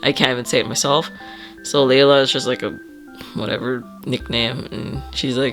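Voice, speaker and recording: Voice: medium pitch, little pitch movement, moderate pace, a bit bright, soft background music. An artist casually flipping through a sketchbook, rambling, swearing, laughing often and trailing off, with a slightly stuffy nose.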